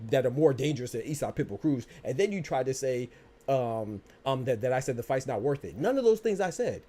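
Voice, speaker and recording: Fast-talking, combative male podcast host. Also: medium pitch, dark tone. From United States. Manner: combative, repeats himself, stammering restarts. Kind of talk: live-stream podcast talk, answering chat.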